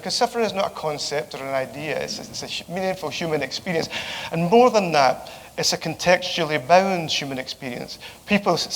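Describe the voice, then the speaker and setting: Man lecturing in a reverberant hall. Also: on the high side. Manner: relaxed, joking, halting with fillers. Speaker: theology professor giving a lecture. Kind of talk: conversational lecture. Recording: reverberant hall with faint background noise.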